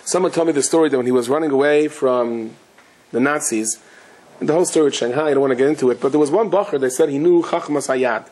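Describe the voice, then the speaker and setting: A rabbi giving a Torah lecture, telling stories in a lively way with Yiddish and Hebrew terms mixed in. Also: male voice, medium pitch, quick pace, low-quality recording. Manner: animated storytelling, sprinkled with Yiddish and Hebrew terms.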